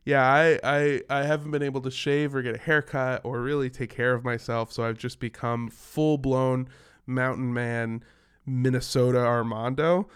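A podcast host, a man sick with a cough, talks in a loose, rambling, self-mocking chat with plenty of swearing. His voice is smooth and clean at an ordinary pitch, and it is recorded close and dry with no room sound. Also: level tone, normal speed, no room sound.

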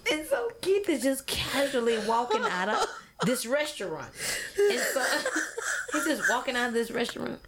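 Lively woman comedian telling stories. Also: high-pitched, measured pace, a crowd in the background. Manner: animated storytelling, laughing through her lines. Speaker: comedian guest. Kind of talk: casual podcast chat. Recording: loud background noise.

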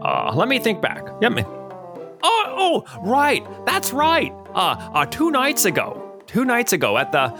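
A man voicing a small, bespectacled old male archivist who stammers in a halting drawl, in a tabletop game. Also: very high-pitched, huge pitch swings, over music, voice pushed up, full character voice. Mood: excited.

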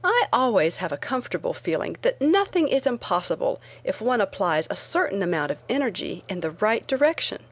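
A woman reading a first-person memoir aloud as an audiobook narrator, in a clear storytelling manner. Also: medium pitch, big pitch swings, fairly quick, hardly any pauses.

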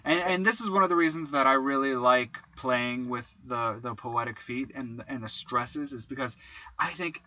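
Man with a very bright, lo-fi voice. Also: mid-range voice, normal speed. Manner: thinks aloud, restarts, chants rhythms. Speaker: podcast co-host. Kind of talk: casual explanatory chat. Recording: dull lo-fi sound.

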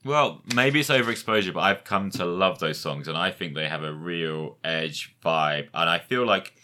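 A man with a low pitch and a bright, forceful tone chats casually about music. He sounds enthusiastic and reflective. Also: moderate pace. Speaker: podcast co-host.

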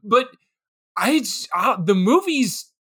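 Animated man co-host, laughs a lot, slow and bright. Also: sits high, slightly rough. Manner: animated, laughs often, mimics reactions in quotes. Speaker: podcast co-host. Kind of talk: casual movie-review chat.

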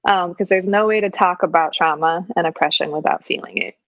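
A woman speaking as a therapist guest in a relaxed, thoughtful way, with frequent fillers and some casual swearing. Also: on the low side, fairly quick, dry recording. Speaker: clinical social worker guest. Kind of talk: casual reflective conversation. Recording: dull lo-fi sound.

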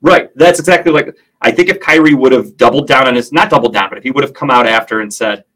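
A man's voice: mid-range voice, fast, few pauses, fairly bright tone, rough recording. A man hosting a casual sports talk podcast, opinionated and swearing freely.

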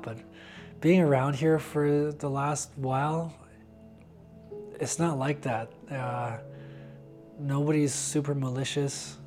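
Guy telling his faith story, earnest and halting, pretty flat tone, soft music under it. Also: mid-range voice. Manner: earnest, halting, with frequent restarts. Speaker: interviewee sharing a personal faith testimony. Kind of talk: candid documentary interview.

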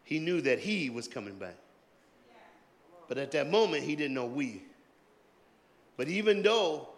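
A man preaching a sermon in a loose call-and-response style, joking in colloquial asides and swinging between shouted rallying lines and hushed, quiet talk. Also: fairly high pitch. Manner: jokey, colloquial and emphatic. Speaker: pastor. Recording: long hall reverb.

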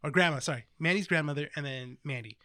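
A man's voice: on the high side, fast, pushed and bright, dry recording, studio quality. A man co-hosting a podcast, chatty in casual talk, often laughing and filling in with short agreements. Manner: chatty, laughing storyteller with many backchannels. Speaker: podcast co-host. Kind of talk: casual chat.

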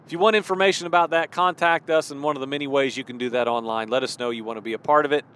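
A man's voice: mid-range voice, fairly even intonation, very fast, a bit bright, a little hiss or hum. A man hosting a podcast and preaching in a fervent, rambling way, repeating phrases for emphasis. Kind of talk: impassioned podcast sermon.

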